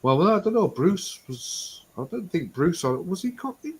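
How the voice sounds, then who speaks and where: A man's voice: high voice, big pitch swings, measured pace, breathy edge. A man in casual banter on a live stream, sweary and rambling, often laughing.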